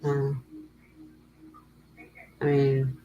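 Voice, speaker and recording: A middle-aged woman with a notably low voice hosts a casual livestream, rambling and emotional as she tells her story. She breaks off now and then to greet viewers by name. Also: monotone, drawn-out words, mellow, lo-fi sound. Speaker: livestream host.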